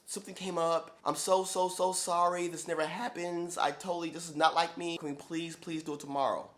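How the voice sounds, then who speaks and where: A man's voice: on the high side, flat delivery, brisk, fairly bright tone, pitched above the performer's own voice, natural voice. A man voicing a flaky young woman who gushes apologies in a raised, breezy tone. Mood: apologetic. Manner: gushing, over-apologetic, breezy.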